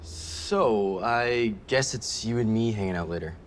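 A man's voice: fairly low pitch, measured pace, a little hiss or hum, natural voice. An actor playing an awkward, hesitant young man in a teen TV drama.

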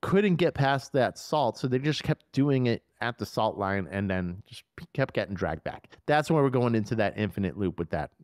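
A man talking casually on a horror podcast, his pitch swinging widely as he gets worked up. He swears freely and jumps into quick bits of acted-out dialogue. The sound is dry and close, with no room around it. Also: dry recording. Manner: animated, profane, excitable retelling. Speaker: podcast co-host. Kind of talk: casual movie review chat.

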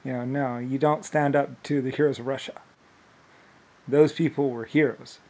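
A man's voice: mid-range voice, steady tone, moderate pace, darkish tone, low-quality recording. A man talking in a rambling monologue, restarting phrases often and breaking into laughter.

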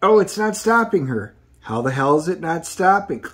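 A man's voice: fairly high pitch, expressive, moderate pace. Middle-aged guy doing a laid-back comic review, lots of ums, rambly retelling. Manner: rambling plot retelling with many fillers. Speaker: comic book reviewer and show host. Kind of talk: casual video review.

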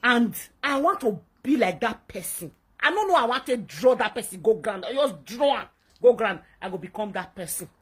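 A woman's voice: a little high, big pitch swings, normal speed, husky. A woman with a Nigerian accent in a played clip, talking in a rambling, hesitant way. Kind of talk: confessional clip.

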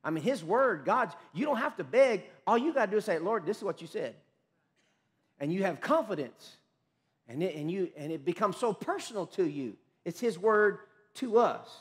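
A man pastor preaching a sermon, quoting scripture rapidly, calling on the congregation to repeat after him, and breaking into excited shouts. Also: high voice. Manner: emphatic preaching with rapid scripture quotes and call-and-response.

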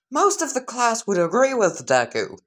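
A woman casually narrating a crude, rambling comedic fan story. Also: on the high side.

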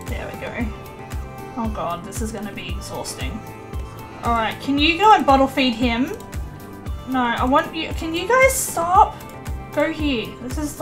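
A young woman with a high voice hosts a let's play, giving casual, eager commentary on a life-sim game. She chats away and voices her characters in quick little asides.

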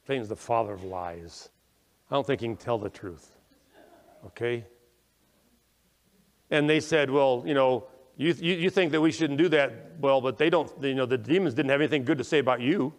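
A male pastor preaching a sermon, emphatic when quoting scripture and dropping quiet to reflect, often checking in with "okay?" and restarting words. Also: medium pitch, moderate pace. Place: church sanctuary. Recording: long echoing reverb of a church hall.

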